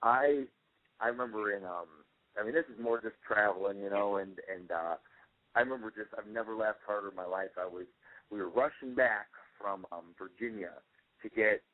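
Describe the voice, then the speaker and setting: A young man with a lowish voice rambles through a casual interview, laughing often and leaning on fillers. He sounds thin and tinny, as if he is coming in over a phone line. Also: moderate pace. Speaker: wrestler guest.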